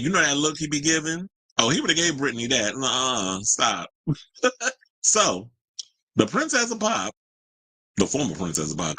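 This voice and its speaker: Sassy husky man dishing gossip. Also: mid-range voice, no room sound, rough recording. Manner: sassy, animated, slangy asides. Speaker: celebrity gossip host. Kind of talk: casual gossip commentary. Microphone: home streaming mic.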